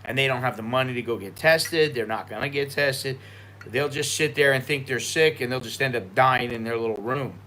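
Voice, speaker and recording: A man's voice: medium pitch, brisk, pushed and bright, a little hiss or hum. An American man chatting loosely on a live stream while drinking tequila, swearing and rambling with many restarts. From United States. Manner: profane, rambling, frequent restarts.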